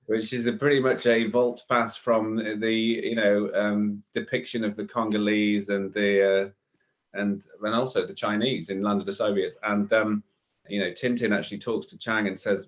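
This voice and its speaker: A man's voice: on the low side, steady tone, normal speed, a bit bright. A man co-hosting a podcast, thinking aloud casually with fillers like "you know". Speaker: podcast co-host.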